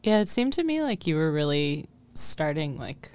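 A woman's voice: low voice, very animated, moderate pace, clear, resonant tone, dry recording. A woman interviewing a guest, asking brief, encouraging questions. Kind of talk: casual interview.

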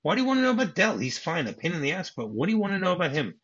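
A man voicing a frazzled, exasperated stranded traveler, pitched up, indignant and pleading, on a dull lo-fi recording. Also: expressive, normal speed, fairly bright tone, husky. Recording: dull lo-fi podcast audio.

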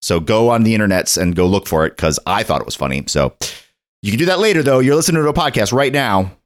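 A man's voice: lowish voice, lively intonation, fast. A man co-hosting a podcast in casual chat, jokey and rambling through his plugs for the show. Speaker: podcast co-host.

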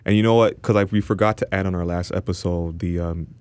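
A man's voice: low-pitched, steady tone, quick pace, a little mellow, smooth, no room sound. A man from Toronto, co-hosting a casual podcast and ranting passionately with lots of restarts. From Toronto, Canada. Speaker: podcast co-host.

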